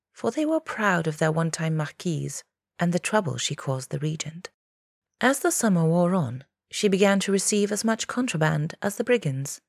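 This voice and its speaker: A woman with a deep, gravelly voice reads a fantasy tale aloud. She drops to a hush for the whispered lines and lifts sharply for the shouted ones. The recording is close and dry. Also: no room sound. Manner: voices characters with whispers and raised cries. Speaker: narrator. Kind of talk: scripted narration.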